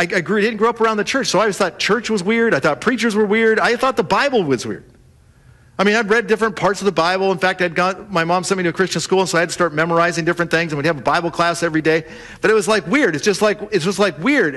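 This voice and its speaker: A man preaching a sermon, telling the story in a lively way and acting out the voices of the people in it. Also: sits high. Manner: animated storytelling, acts out voices of the disciples. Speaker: pastor.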